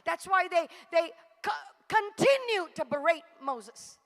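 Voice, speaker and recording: A woman's voice: very high-pitched, animated, unhurried, hardly any pauses, long reverb tail. A woman preacher delivering a fervent sermon to a congregation. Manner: fervent, rising to exhortation.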